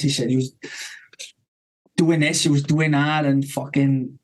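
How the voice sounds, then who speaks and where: A man's voice: on the high side, level tone, measured pace, low-quality recording. A man telling a rambling story on a podcast, swearing constantly and acting out the people he quotes.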